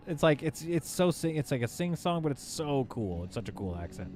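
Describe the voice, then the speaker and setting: A man's voice: mid-range voice, big pitch swings, brisk, few pauses, a little mellow, soft background music. Playful Canadian man streaming a game. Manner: playful, chatty, reads and answers chat. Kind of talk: casual live gameplay commentary.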